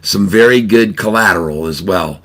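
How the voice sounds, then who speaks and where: A man voicing a smooth-talking big male frog who insists on getting a bank loan, in a told joke. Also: deep voice, moderate pace, natural voice. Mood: insistent. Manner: persuasive, insistent.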